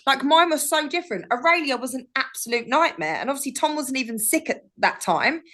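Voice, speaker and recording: A woman's voice: high voice, expressive, a little fast, bright, forceful tone. A woman, chatting casually as a podcast guest and telling stories animatedly. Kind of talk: casual chat.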